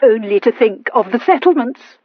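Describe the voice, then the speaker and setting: Lady doing a loud gossipy society wife, tart and gushing, pitch swoops all over, dull lo-fi sound. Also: expressive, moderate pace, no room sound. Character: tart, gossipy worldly young married woman.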